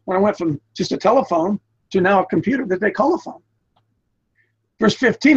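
A man's voice: sits high, expressive, fairly quick, husky, dull audio. A man in his sixties preaching a sermon in a folksy, repetitive, emphatic way. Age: 60s.

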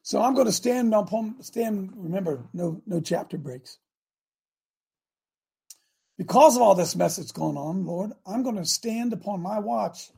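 A man hosting a preaching broadcast, reading scripture aloud and breaking into fiery, animated asides. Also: high voice, a little slow, gravelly, breathy edge. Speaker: radio preacher host.

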